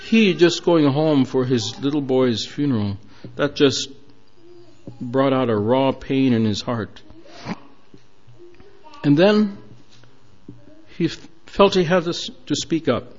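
Slow-speaking man preaching a sermon. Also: medium pitch, lively intonation. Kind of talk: sermon storytelling. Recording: dull lo-fi recording.

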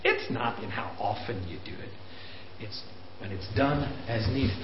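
A man in his fifties lecturing parents, animated, pushing his voice up for emphasis and chuckling at himself. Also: on the low side, unhurried, a little hiss or hum. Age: 50s. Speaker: speaker on parenting. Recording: roomy, dull lo-fi recording.

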